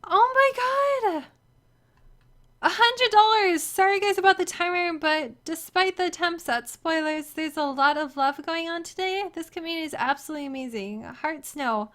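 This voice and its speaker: Tearful, gushing woman streamer, very high voice. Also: normal speed, few pauses, fairly bright tone. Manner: gushing, tearful, repeats thanks. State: crying. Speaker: live streamer. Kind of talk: emotional live-stream thanks to viewers.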